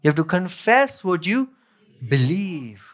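A man's voice: high voice, sing-song, unhurried. A male pastor preaching a sermon, reading scripture aloud, repeating key phrases and asking his listeners questions. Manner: asks the congregation questions.

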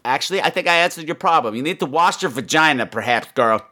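A man's voice: lively intonation, quick pace, bright, forceful tone. A man playing a campy, crude gargoyle host. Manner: campy, crude, theatrical, swooping pitch. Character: crude self-made gargoyle advice host. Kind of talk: comedy podcast advice segment.

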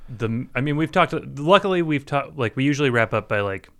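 A man's voice: medium pitch, expressive, brisk, fairly bright tone, clean tone. A man hosting a podcast, talking in loose, meandering casual chat. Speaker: podcast host.

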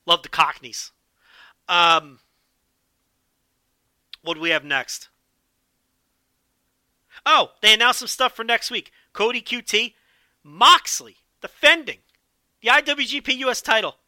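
A man's voice: extremely high pitch, animated, slow, long pauses, sharp tone, no echo. A man giving a casual wrestling recap, enthusiastic and profane, riffing with jokes. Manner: enthusiastic, profane, joking riffs. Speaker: wrestling show commentator.

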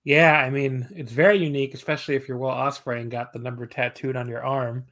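A man in his thirties chatting as a podcast guest at an ordinary pitch. He rambles in an easygoing, self-deprecating way and hedges his points with lots of fillers. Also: steady tone, quick pace, few pauses, fairly bright tone. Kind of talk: casual podcast chat.

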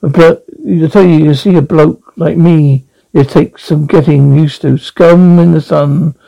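Middle-aged Glasgow man, raised pitch, rough gravelly voice, rambling comic bluster. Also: fairly even intonation, measured pace, dark tone, poor audio. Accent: Glasgow Scottish. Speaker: comic character monologue. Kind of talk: scripted comedy performance.

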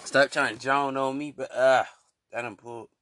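A man's voice: mid-range voice, fairly even intonation, normal speed, bright, forceful tone, a little hiss or hum. A man ranting casually to his viewers, mocking people and laughing often, repeating himself. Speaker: vlogger. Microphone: desk mic.

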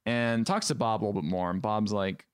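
A man co-hosting a podcast, casually recapping a movie with jokes and quick acted-out impressions of characters. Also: fairly low pitch, clear, resonant tone, no echo, studio quality. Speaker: podcast co-host.

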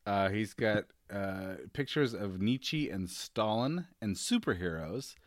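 A man's voice: on the low side, animated, slow pace, no echo, studio quality. A man co-hosting a podcast in casual chat, chatty, reading from notes and laughing easily. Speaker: podcast co-host.

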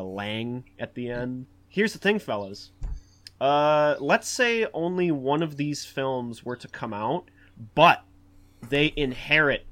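Guy hosting a movie podcast, lots of uhs and likes, restarts his sentences, gets lively when he gets into it. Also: medium pitch. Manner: rambling, many fillers and restarts; animated, acts out quotes in a raised voice. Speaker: podcast host. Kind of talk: casual film discussion.

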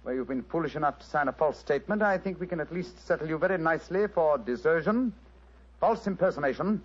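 A calm sharp detective in an old radio play, husky voice, muffled lo-fi sound. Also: male voice, fairly high pitch, fast. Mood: accusing. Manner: precise, coolly accusing. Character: cool, cutting male detective. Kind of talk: 1940s radio acting. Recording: dull lo-fi old radio recording.

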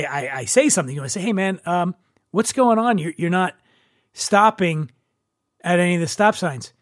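A man casually telling a story as a podcast host, animated and acting out the dialogue. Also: no echo, studio quality. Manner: animated, acts out dialogue with shifting pitch. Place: brewery.

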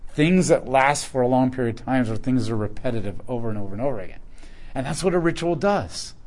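A man's voice: mid-range voice, expressive, fast talker, darkish tone. A man preaching verse by verse in a conversational way, acting out little quoted asides. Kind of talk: verse-by-verse sermon teaching.

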